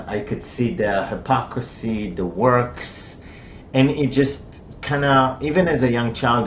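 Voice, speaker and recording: Israeli man telling his faith story. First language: Hebrew. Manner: conversational, frequent restarts and fillers. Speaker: interview guest. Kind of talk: personal testimony. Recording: slightly dull with faint rumble.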